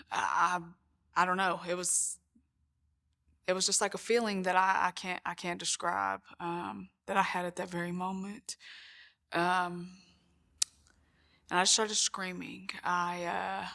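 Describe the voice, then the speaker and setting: A middle-aged woman with children giving a halting documentary interview, full of restarts. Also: fairly low pitch, gravelly, sharp tone. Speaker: sister of the deceased.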